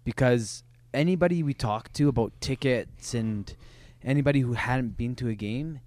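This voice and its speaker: A man, a soccer player guest, telling stories in a casual podcast chat, animated and quick to laugh. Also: mid-range voice. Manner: animated, laughing often, talks in quick bursts.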